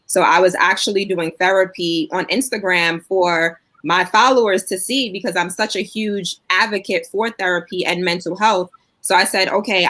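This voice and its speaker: A woman's voice: on the low side, a bit bright. A woman on a discussion panel, sharing a personal story in an open, matter-of-fact way. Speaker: panel guest. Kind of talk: casual panel chat.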